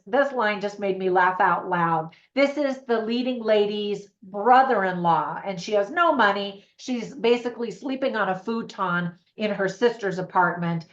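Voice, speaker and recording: An American woman chatting casually as a movie reviewer, upbeat and talking straight to her viewers. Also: mid-range voice. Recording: roomy echo, slightly dull sound.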